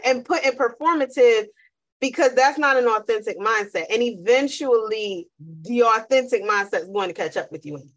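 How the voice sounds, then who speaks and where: Woman podcast guest, fairly high voice, animated and playful. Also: a little fast. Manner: animated, acts out quoted voices, laughs often. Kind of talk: casual podcast chat.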